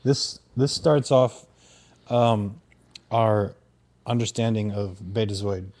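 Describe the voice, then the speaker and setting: A man's voice: on the low side, slow pace, darkish tone. A man co-hosting a podcast in casual chat, laughing often and chiming in with short replies. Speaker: podcast co-host.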